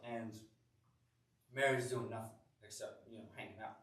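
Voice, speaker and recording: A man's voice: on the low side, steady tone, moderate pace, fairly bright tone. A young man leading a youth group sermon in a church room, chatty and rambling with many self-corrections. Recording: echoey room, distant mic.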